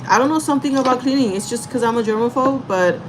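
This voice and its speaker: A woman's voice: fairly high pitch, fast talker, background noise. A young woman chatting candidly to camera in a storytime vlog, emotional and laughing often, swearing casually. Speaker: vlogger.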